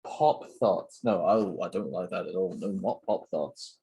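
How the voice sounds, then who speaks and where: A young channel host rambles through a casual solo chat while building, mocking himself and piling up fillers and restarts, all with a sore throat. His voice sits low and dark with a breathy edge, and he takes his time.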